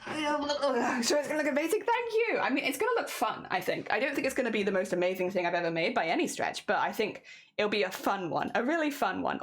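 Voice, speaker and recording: Chatty woman sewing with music behind. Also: fairly high pitch. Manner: chatty, talks to her sewing machine. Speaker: streamer. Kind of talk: casual chat while sewing. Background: sewing machine noise and music.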